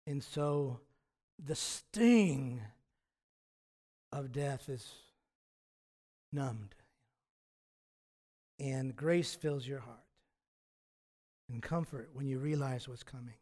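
A man's voice: mid-range voice, drawn-out words, long pauses, dark tone. A male pastor preaching a sermon in a reflective, conversational way, often restarting his phrases.

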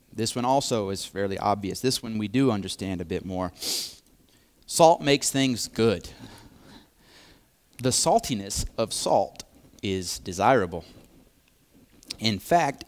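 A man preaching a sermon, speaking deliberately and repeating key phrases for emphasis. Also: lowish voice.

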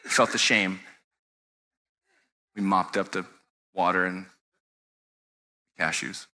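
A man in his thirties preaching a sermon as pastor, animated and conversational, asking the congregation questions and swinging from loud emphatic peaks to quiet low passages. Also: takes it slowly.

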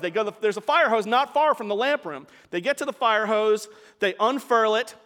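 A man's voice: high voice, moderate pace, bright, forceful tone, long reverb tail. A man preaching a sermon, telling a story in a conversational way with casual asides to the congregation.

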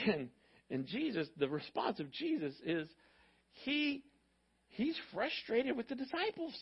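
A man preaching a sermon, telling a story in an animated, conversational way. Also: high-pitched, a little fast, breathy edge, dull audio. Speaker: pastor.

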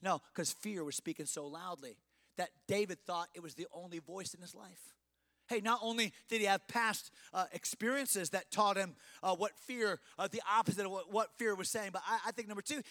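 A man's voice: high voice, pushed and bright. A man preaching a sermon, building emphasis and acting out quoted voices. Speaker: pastor.

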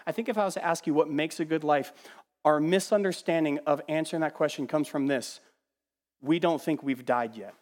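Animated preacher with a high-ish voice. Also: male voice, fairly quick, in a large hall. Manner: animated preaching with sudden drops to quiet asides; emphatic, repeats words while building a point. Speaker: pastor. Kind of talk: sermon.

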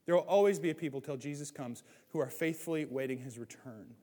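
High-voiced preacher with hall echo. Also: male voice, fast talker. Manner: animated, swings from loud to hushed, acts out quotes. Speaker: pastor. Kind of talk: sermon. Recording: hall reverb.

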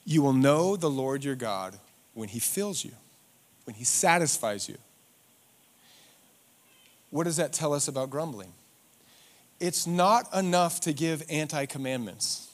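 A man's voice: a little high, lively intonation, unhurried, long pauses. Man preaching with soaring, dropping intensity. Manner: dynamic preaching, swings between loud rhetorical questions and hushed emphasis. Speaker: pastor. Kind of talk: sermon. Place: church.

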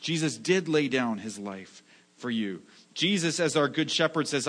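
Male pastor, sermon, mid-pitched voice, earnest, restarts phrases, rhetorical questions. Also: lively intonation, unhurried, fairly bright tone. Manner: earnest, repetitive, many restarts and rhetorical "right?".

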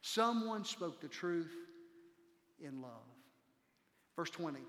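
A male pastor preaching a sermon to his congregation, impassioned, dropping to hushed tones for quoted lines. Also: high-pitched. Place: church sanctuary. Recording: long hall reverb.

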